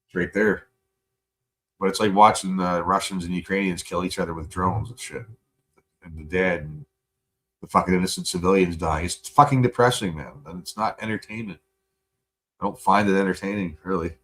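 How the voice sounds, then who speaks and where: Deep-voiced man ranting casually. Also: steady tone, normal speed, fairly bright tone. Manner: profane, rambling, laughs often. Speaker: livestream host. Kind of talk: casual rant.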